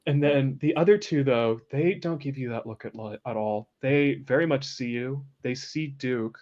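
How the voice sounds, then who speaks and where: Lively game master, slightly muffled. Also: male voice, mid-range voice, measured pace. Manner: lively, descriptive, laughs easily. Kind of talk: narrating a tabletop game.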